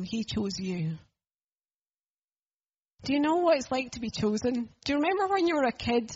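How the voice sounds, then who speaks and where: A woman's voice: sits high, a little mellow, slightly rough, highs cut off. A woman preaching a sermon in a church, earnest and conversational, asking the room questions.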